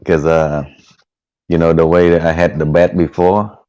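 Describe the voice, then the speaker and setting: A man with a low, deep voice talks casually into a cheap headset mic. He halts and restarts his words and laughs easily. The audio sounds muffled and lo-fi. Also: flat delivery, moderate pace, dark tone. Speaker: guest van dweller. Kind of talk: casual live-stream chat. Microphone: headphone headset mic.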